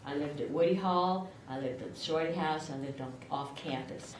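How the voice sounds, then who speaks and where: Speaking fairly quickly, this older award recipient gives a chatty acceptance speech full of self-deprecation, her rural southern Illinois accent carried by a somewhat low voice. The mic catches her from far off in a reverberant room over a constant hum of background noise.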